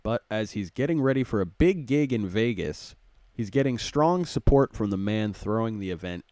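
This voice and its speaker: A man's voice: lowish voice, lively intonation, moderate pace, mellow, no echo. A man hosting a solo comedy podcast, rambling crudely and joking, muttering to himself as he reads headlines. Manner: crude, joking, mumbles to himself while browsing. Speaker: podcast host.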